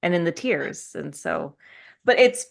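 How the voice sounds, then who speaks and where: A woman's voice: on the low side, huge pitch swings, a little slow, vocal fry. A woman co-hosting a podcast, chatting casually and praising her guest, often restarting her sentences as she thinks aloud. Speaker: podcast co-host. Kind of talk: casual chat.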